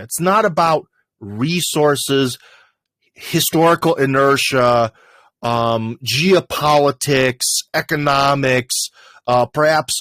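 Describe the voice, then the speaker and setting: A man's voice: on the high side, a bit bright, no echo. A man with an American accent hosting a livestream, talking casually through a list of questions with many fillers and restarts. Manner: rambling, conversational, lots of fillers and restarts. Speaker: livestream host.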